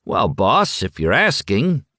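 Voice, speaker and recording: A man doing a cocky, blustering chatterbox of a man, pitched well above the reader's own voice and bouncing through a lively range. He talks fast and brags, with a dry, close sound and no room around it. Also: no room sound, full character voice. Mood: nervously pushy. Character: brash boastful loudmouth man, a chatterer.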